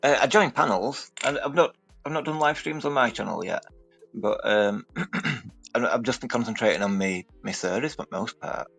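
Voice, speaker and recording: A man, a guest on a stream panel, talking in a halting way full of fillers like "you know what I mean". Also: medium pitch, gravelly, fairly bright tone, breathy edge, dry recording, faint music behind. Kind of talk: casual chat.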